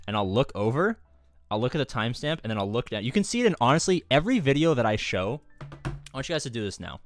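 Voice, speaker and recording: Male streamer, casual rambling chat, jokey, swears a lot, lowish voice, faint music behind. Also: no echo.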